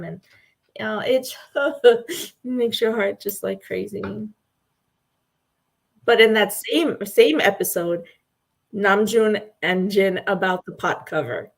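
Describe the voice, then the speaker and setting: A woman chatting casually as a co-host, with a voice at a middling pitch. She gushes and tells stories animatedly, often breaking into laughter. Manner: gushing, animated storyteller who laughs often. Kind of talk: casual chat.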